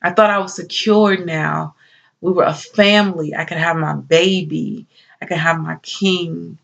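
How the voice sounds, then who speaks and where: A woman performing a dramatic biblical monologue as a grieving young wife and mother who talks slowly, softly and tearfully. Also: on the low side, fairly even intonation, gravelly. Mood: sorrowful. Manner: slow, soft-spoken, tearful. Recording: dull lo-fi recording.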